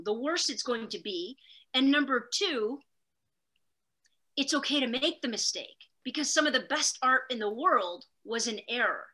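A middle-aged woman, a podcast guest, telling stories in an animated, self-deprecating way, fast in bursts. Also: sits high. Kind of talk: casual conversation.

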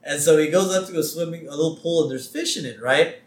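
A man co-hosting a podcast in casual chat, retelling an episode in a relaxed way, laughing often and checking in with "right?". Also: fairly high pitch, quick pace. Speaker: podcast co-host. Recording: echoey room.

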